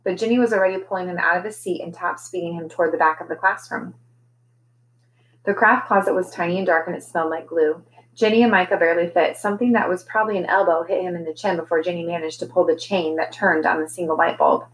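A woman teacher reading a children's novel aloud in a gentle storytelling manner, giving the characters' lines their own voices. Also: on the low side, fairly even intonation, quick pace, slight background noise, poor audio.

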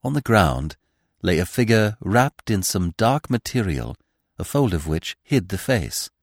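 A man narrating a classic story in measured, scripted audiobook style. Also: sits low, sing-song, dry recording, clean studio sound. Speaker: podcast narrator.

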